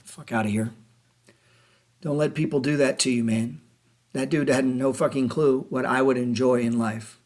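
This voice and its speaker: Brief: male host, mid-pitched, heated casual rant, swears a lot, sarcastic rhetorical questions. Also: fairly even intonation, a little mellow. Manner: profane, mocking, rapid rhetorical questions. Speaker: trading show host.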